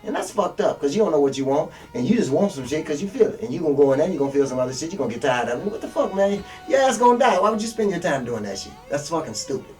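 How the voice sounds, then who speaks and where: A man gives a blunt, profane sermon, his voice leaping around with lively pitch. He moves between forceful peaks and low grumbles. He is recorded from a distance, with faint music underneath. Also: very fast, hardly any pauses. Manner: blunt, heavy swearing, swings from shouted peaks to low mutters. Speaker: street preacher.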